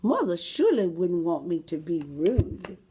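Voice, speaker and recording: A woman's voice: fairly low pitch, big pitch swings, unhurried, mellow, a little hiss or hum. A woman voicing a polite, trusting little girl in a storybook reading, sweet and earnest.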